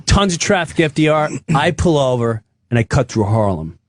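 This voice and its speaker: A man's voice: medium pitch, moderate pace, dry recording. A man telling a comic story in a studio, acting out voices as he goes. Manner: animated, acts out voices in quotes. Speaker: guest comedian.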